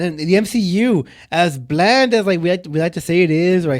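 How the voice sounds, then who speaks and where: A man's voice: sits high, normal speed. A young man co-hosting a podcast, reviewing a film in casual chat, rambling with lots of filler words and getting heated. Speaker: podcast co-host.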